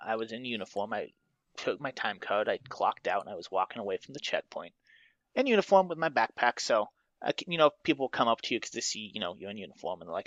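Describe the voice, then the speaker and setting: A man chatting on a podcast, his pitch swinging widely as he tells an annoyed, sarcastic story. The sound is dull and muffled, and dry and close to the mic. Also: quick pace, no room sound. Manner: animated, exasperated storytelling with sarcastic asides. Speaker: podcast co-host. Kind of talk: casual chat.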